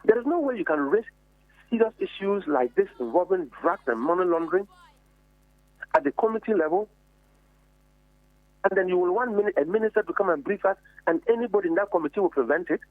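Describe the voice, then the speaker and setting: Emphatic man, lively high voice. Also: a little fast, long pauses, dry recording. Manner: emphatic, indignant, rhetorical questions. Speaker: member of parliament on a committee. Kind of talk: heated political commentary. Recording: tinny phone-like dry line.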